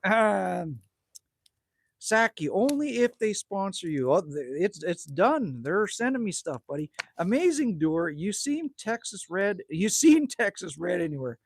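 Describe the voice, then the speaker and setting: A man in his fifties from Canada sits at a campfire outside his cabin, hosting a casual livestream where he reads comments and ribs chat crudely. He talks at a measured pace in a high, sing-song, creaky voice with a breathy edge and no room sound.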